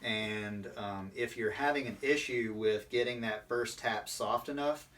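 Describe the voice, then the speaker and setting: A man's voice: lowish voice, a little slow, a bit bright, distant mic. A man, a percussion instructor, explaining drum technique in an online lesson with many fillers.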